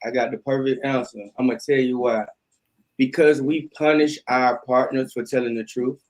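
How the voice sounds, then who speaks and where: A man's voice: medium pitch, steady tone, moderate pace, rough recording. A man on a podcast panel, speaking in a confident, teasing way. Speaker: panel guest.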